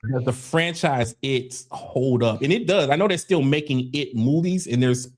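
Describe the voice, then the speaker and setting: A man's voice: medium pitch, moderate pace, a little mellow. A man hosting a casual podcast chat who talks loosely and repeats himself as he runs the show. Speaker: podcast host.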